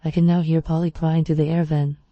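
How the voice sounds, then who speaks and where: A narrator giving a measured, even first-person reading of a scary story. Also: medium pitch, no echo, muffled recording.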